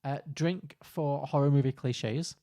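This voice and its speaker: A man's voice: mid-range voice, steady tone, a little slow, mellow. A man co-hosting a film podcast, joking and rambling in casual chat with lots of fillers. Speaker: podcast co-host.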